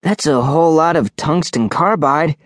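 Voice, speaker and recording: A man's voice: on the high side, moderate pace, dry recording, studio quality, voice pushed up, close to an everyday voice. A man doing young Hiro, boyish and hesitant. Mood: curious. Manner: hesitant, curious. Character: curious teenage boy robotics prodigy. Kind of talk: audiobook character voice.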